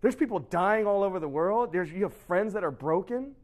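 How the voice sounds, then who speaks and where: A preacher putting on a low, calm voice of God that gently scolds. The voice sits high for a man in its plain form but is pulled well down for this figure. It is quiet and unhurried, and it sounds like a sermon aside. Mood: chiding. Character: God as a calm, chiding male voice.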